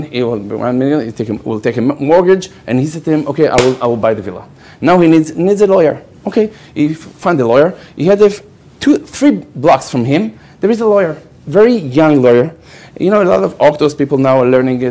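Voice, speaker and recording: A rabbi whose first language is Hebrew tells a Torah story to a live audience in a somewhat high voice. He's an animated storyteller, performing the voices of the characters he quotes and repeatedly checking in with "okay?".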